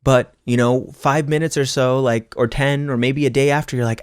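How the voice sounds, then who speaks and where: A man's voice: mid-range voice, fairly even intonation, moderate pace, clean tone, no echo, clean studio sound. A man hosting an astrology channel, giving a casual spiritual pep talk to viewers, emphatic and repetitive, with restarts and casual swearing.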